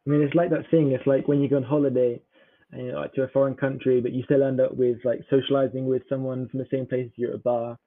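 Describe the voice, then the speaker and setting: A man's voice: medium pitch, flat delivery, quick pace, dry recording. A young man from southern England with a southern English accent, chatting casually as a podcast guest and rambling through filler words. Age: young adult. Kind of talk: casual chat. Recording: tinny phone-like line.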